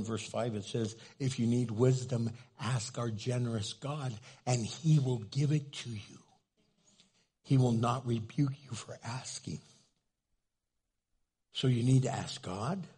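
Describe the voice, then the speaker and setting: A man's voice: mid-range voice, a little slow, pauses often, warm tone, slightly rough. An older man preaching a sermon in a humorous, playful storytelling way. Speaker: pastor.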